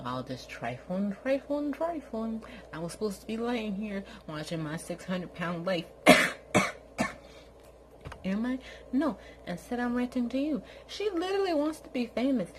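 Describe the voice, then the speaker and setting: A woman with a low voice rants casually and sarcastically to the camera. She sounds exasperated and talks as if lying in bed at home. A faint background hiss sits under her voice. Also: darkish tone, low-quality recording. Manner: exasperated, sarcastic, mocks others in high put-on voices. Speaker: vlogger.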